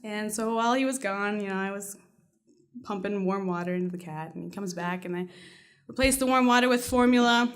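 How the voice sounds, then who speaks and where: A woman's voice: medium pitch, brisk. A woman telling a personal story on stage at a live storytelling night, casual and salty, often laughing as she goes.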